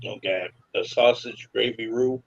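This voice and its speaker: A man's voice: fairly low pitch, measured pace, creaky, highs cut off. A man co-hosting a casual podcast chat, telling a long, rambling story with lots of restarts. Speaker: podcast co-host.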